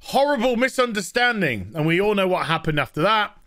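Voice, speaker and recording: A man's voice: fairly high pitch, quick pace, sharp tone. A man with an English accent giving a mocking, exasperated review of a TV episode, laughing at its plot. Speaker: host.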